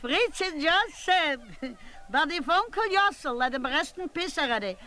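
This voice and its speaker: A woman's voice: high-pitched, pushed and bright, heavily acted, poor audio. A woman playing a gossipy, bossy woman, rambling and scolding in a comic monologue. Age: 80s. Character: gossipy bossy elderly woman at a family gathering.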